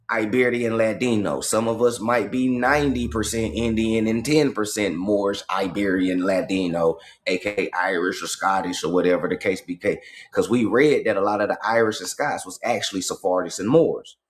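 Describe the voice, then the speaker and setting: A man hosting a casual livestream, reading passages aloud and commenting on them in streetwise slang, with profanity and points repeated for emphasis. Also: on the low side. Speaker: livestream host.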